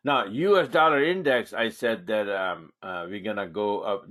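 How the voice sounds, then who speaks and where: Trading coach, male, lowish voice, live webinar, talks through charts as he edits them. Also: normal speed, a bit bright. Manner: thinks aloud while marking up charts, punchy "boom" emphasis.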